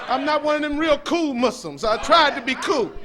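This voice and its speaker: A man preaching a sermon to a hall, with a preacherly rhythm that swings from hushed tones up to shouting. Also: very high voice, animated, moderate pace, a faint crowd, a little hiss or hum. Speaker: minister. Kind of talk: fiery sermon.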